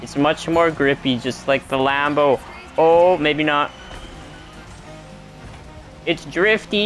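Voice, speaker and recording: A gaming channel host giving live gameplay commentary, talking to themself and the game and exclaiming loudly at every crash. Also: mid-range voice, takes it slowly, long pauses, faint music behind. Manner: excitable, yelps and exclaims at crashes; talks to self and to the game.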